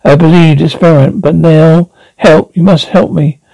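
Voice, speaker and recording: A man voicing a frail, ancient abbot who speaks in halting, broken phrases. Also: a little high, fairly even intonation, creaky, mellow, dry recording, rough recording. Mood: pleading. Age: older. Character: frail ancient male abbot, weary and urgent.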